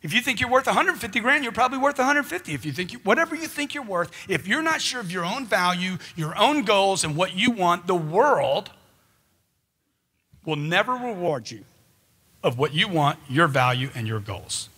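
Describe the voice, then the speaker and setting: A man's voice: high-pitched, big pitch swings, moderate pace, pushed and bright, husky. A man giving a live motivational seminar talk into a handheld mic, emphatic and firing off rhetorical questions. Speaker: motivational speaker.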